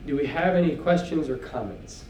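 Guy teaching bible class in a church hall, kinda high voice, echoey and a bit far from the mic. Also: animated, normal speed, a little mellow, a little hiss or hum. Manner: conversational, with frequent "okay?" asides. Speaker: preacher. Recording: echoey room, mic at a distance.

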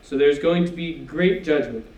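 A man's voice: a little high, normal speed, darkish tone. Conversational preacher man in an echoey church. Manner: conversational, with frequent "okay?" asides. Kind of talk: bible class teaching. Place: church hall. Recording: echoey room, mic at a distance.

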